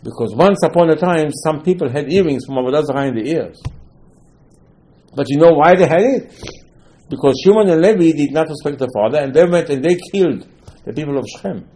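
A religious teacher delivers a Torah lesson as a sermon, animatedly telling the stories and acting out the dialogue in loose, non-native English full of Hebrew terms. His voice is on the high side, expressive, and dark-toned, a little fast, on a rough recording.

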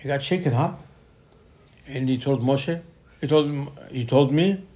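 A man teaching a Torah class as an animated story. He acts out quoted voices with sudden loud bursts and mixes Hebrew terms into his English. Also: mid-range voice, measured pace.

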